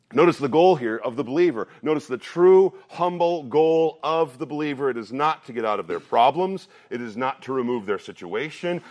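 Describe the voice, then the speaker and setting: A man in his thirties preaches with earnest conviction, his voice sitting at an everyday middle pitch. He circles back on phrases to press a point home, then eases into a lower, chattier tone when he tells a story. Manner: earnest, repeats phrases while building a point; drops to a low conversational tone for a personal story. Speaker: pastor. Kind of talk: sermon.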